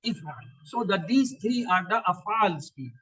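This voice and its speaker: Husky-voiced man teaching by repetition. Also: high voice, animated, pushed and bright, low-quality recording. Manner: drills terms, asks questions and answers them himself; slow, repetitive recitation of word patterns. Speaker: Quranic Arabic teacher. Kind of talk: classroom lesson.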